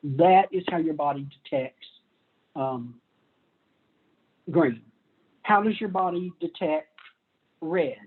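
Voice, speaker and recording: A man's voice: on the high side, takes it slowly, pauses often, husky, phone-quality sound. A man giving a casual, conversational college lecture. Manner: conversational, plays out little voices. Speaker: university lecturer.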